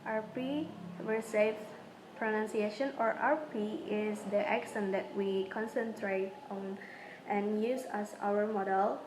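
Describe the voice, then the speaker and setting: A young woman whose first language is Indonesian, a student reading her prepared exam answers aloud in short, halting phrases that often stumble. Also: mid-range voice, background noise.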